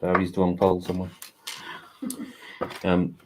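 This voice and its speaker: A man's voice: low-pitched, monotone, unhurried. A man co-hosting a livestream, chatting casually and explaining at length with lots of "you know" while building. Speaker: co-host. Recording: faint background noise, home livestream.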